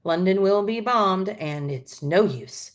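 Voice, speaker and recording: A woman voicing a stern, brisk older society lady who speaks crisply and commandingly in a storybook reading. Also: medium pitch, lively intonation.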